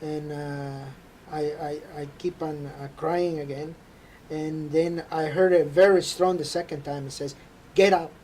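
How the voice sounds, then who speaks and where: A man telling an earnest, halting faith testimony. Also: a little high, fairly even intonation, a little mellow, slight background noise. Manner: halting, earnest storytelling with frequent hesitations. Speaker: interview guest.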